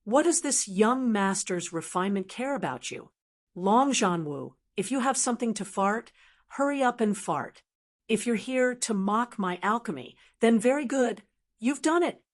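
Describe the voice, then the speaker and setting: A woman's voice: a little high, animated, a little slow. A woman narrator voicing a brash, defiant teenage boy heir with taunting talk. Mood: mocking.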